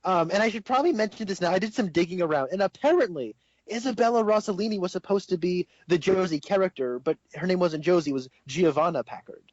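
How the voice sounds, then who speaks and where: A young man co-hosting a casual podcast chat, rambling and excitable, laughing often. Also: high-pitched, fast talker, no room sound, dull audio. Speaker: podcast co-host.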